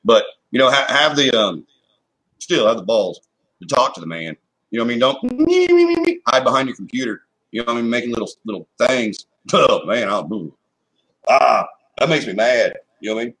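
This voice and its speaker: A man's voice: mid-range voice, animated, normal speed, fairly bright tone, slightly rough, poor audio. A man co-hosting a casual talk show, speaking bluntly and heatedly, swearing and repeating "you know what I mean". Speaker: co-host. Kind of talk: casual chat.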